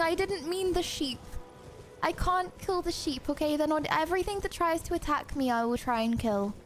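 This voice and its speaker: A young woman streams a game, her high voice leaping all over as she chats with viewers and yelps at each close call. Game music plays behind her. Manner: excitable, chatty, talks to chat, sudden yelps. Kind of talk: live gameplay commentary.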